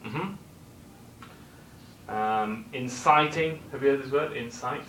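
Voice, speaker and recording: Teacher with frequent "no?" checks. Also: male voice, medium pitch, slow pace, fairly bright tone, a little hiss or hum. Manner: explaining, checks in with tag questions. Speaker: English teacher. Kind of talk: classroom lesson. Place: classroom. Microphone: recorder at a distance. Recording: echoey room recording from far off.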